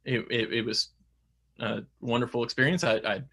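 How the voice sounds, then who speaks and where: Brief: young adult man, gravelly, chatty guest with lots of restarts. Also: mid-range voice, fairly even intonation, normal speed, sharp tone. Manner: chatty, many fillers and restarts. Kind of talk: casual interview talk.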